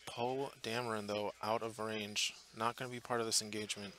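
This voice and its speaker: A man's voice: fairly low pitch, flat delivery, brisk, pushed and bright. A man commentating live on a tabletop tournament match, chatty and thinking aloud with fillers and restarts, from a booth at the event. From Portland area, US.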